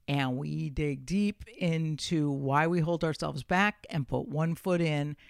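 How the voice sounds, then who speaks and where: A woman hosting a comedy podcast, brash and profane, often shouting and laughing. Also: sits low. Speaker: podcast host.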